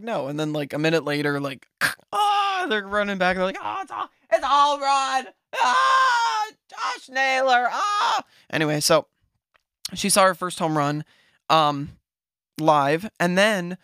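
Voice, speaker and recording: A young man from Ohio, podcast host, telling a story in an excited, rambling way with lots of fillers. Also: a little high, gravelly, dry recording, studio quality. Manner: excited, fast-talking, lots of fillers and "right?". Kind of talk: casual storytelling.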